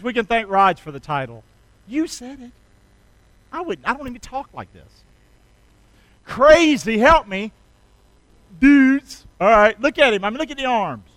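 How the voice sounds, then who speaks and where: A pastor with a high voice preaches in a folksy, playful way and keeps calling on the congregation to answer back. His tone is bright and forceful, and the sound is close and dry, with no echo. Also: clear, resonant tone. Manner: folksy, playful, energetic, often drawing responses from the congregation. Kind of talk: sermon with call-and-response.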